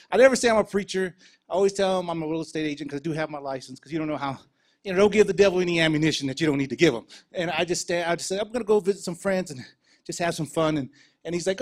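Animated storytelling preacher, a man. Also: high voice, fast talker. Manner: storytelling, animated, laughs between lines. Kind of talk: sermon with testimony and prayer.

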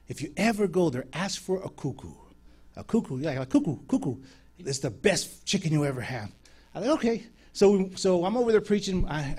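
A man preaching a sermon, telling mission stories in an animated way, acting out voices and laughing often, in a church before a live audience. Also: fairly high pitch, slightly rough. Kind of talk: sermon storytelling.

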